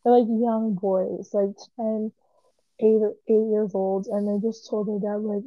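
A woman's voice: mid-range voice, little pitch movement, measured pace, dry recording. Young woman rambling, dull lo-fi sound. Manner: rambling, heavy use of "like", emotional. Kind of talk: casual movie review chat.

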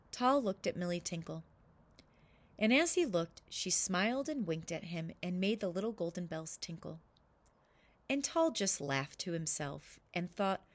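A woman reading a children's story aloud with expressive narration. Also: lowish voice, a little slow.

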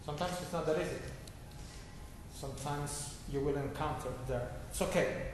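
A yoga teacher with a fairly high voice leads a guided laughter meditation class at a normal speed, giving instructions and checking in with a repeated "okay?". The recording is in an echoey hall with faint background noise.

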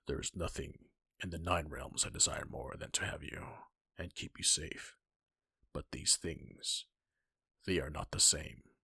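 A man voicing a stern, gruff older warrior god in a fan-fiction reading, with a low, half-whispered delivery. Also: unhurried, pushed and bright, dry recording, clean studio sound, full character voice.

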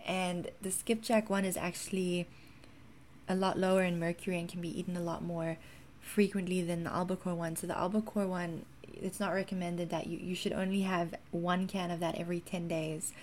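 A woman's voice: fairly low pitch, little pitch movement, normal speed, a little mellow, a little hiss or hum. A woman from South Africa with a mixed South African accent, chatting casually in a vlog, rambling with lots of ums. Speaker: wellness content creator.

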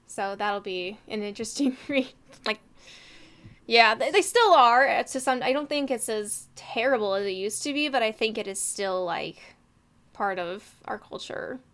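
Bright, crisp-voiced chatty young woman. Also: fairly high pitch, moderate pace. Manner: chatty, animated, lots of fillers. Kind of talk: casual chat.

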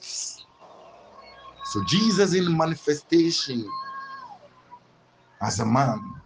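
A man preaching a sermon, building rhythmic repeated phrases that swell into loud, fervent peaks. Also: mid-range voice, animated, normal speed, gravelly, a little hiss or hum, rough recording. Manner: rhythmic repetition with sudden swells.

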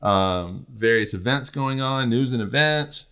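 A man's voice: medium pitch, a little slow, a bit bright, clean tone. A man hosting a casual astronomy podcast, rambling with many fillers. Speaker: podcast host.

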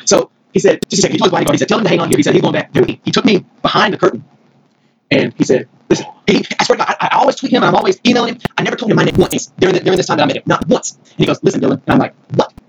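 A man from Mississippi, telling a story as a podcast guest, rambling and excited with many restarts. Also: high-pitched, very fast. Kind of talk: casual storytelling. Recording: noisy recording.

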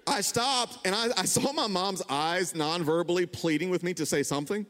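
A male pastor with a high voice preaches at a normal speed in a church sanctuary, weaving storytelling into his sermon. He is animated and self-deprecating, his pitch jumping when he gets excited, and the recording carries a long hall reverb.

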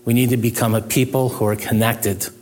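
A man's voice: medium pitch, little pitch movement, brisk, a little mellow. A middle-aged male pastor preaching a sermon in an earnest, conversational way, with self-deprecating humor.

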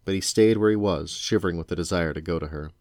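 A man with a deep voice reads a novel aloud to his children. He narrates in a steady, unhurried way. The sound is dry, with no room echo. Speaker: parent reading to his children.

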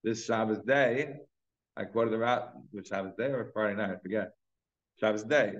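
A man's voice: fairly low pitch, moderate pace. A man teaching a casual Torah class, talking loosely with lots of fillers and Hebrew terms. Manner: chatty, many fillers, mixes in Hebrew and Yiddish terms. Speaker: rabbi teaching a Talmud class. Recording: dull, lo-fi class recording.

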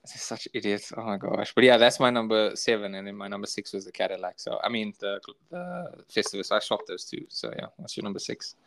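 A South African man co-hosting a podcast, casually retelling sitcom scenes and jumping into high, squeaky imitations of the characters. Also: a little fast, vocal fry, hardly any pauses, fairly bright tone, no echo. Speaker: podcast co-host. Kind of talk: casual chat.

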